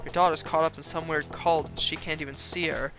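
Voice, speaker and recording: A man's voice: fairly high pitch, steady tone, fairly quick, sharp tone, faint music behind. A man voicing a brash, streetwise yakuza man who talks in a slangy, offhand, cocky way, reading game dialogue aloud.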